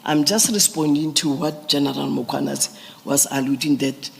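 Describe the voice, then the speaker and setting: A man testifies before a commission in a large hearing room, explaining police procedure piece by piece with halting restarts. His voice sits a little high for a man, gravelly and husky. The sound carries a long echo from the hall. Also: steady tone, a bit bright. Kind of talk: formal testimony.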